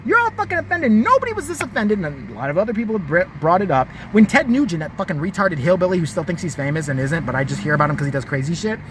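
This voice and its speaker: A man's voice: high-pitched, very animated, fast talker, hardly any pauses, slight background noise. A man ranting in a vlog commentary, profane and mocking. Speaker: vlogger.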